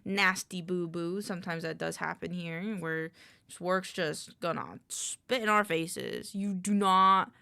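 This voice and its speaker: A woman's voice: lowish voice, fairly even intonation, a little slow, vocal fry, pushed and bright, clear, resonant tone, no echo. A woman streamer in casual live-stream chat at a desk microphone, rambling, muttering lists to herself and greeting her chat.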